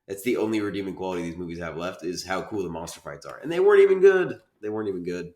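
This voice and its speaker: Deep-voiced man ranting in an echoey room. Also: racing. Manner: emphatic, repeats points in frustrated rants. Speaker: podcast co-host. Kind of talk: casual film review chat.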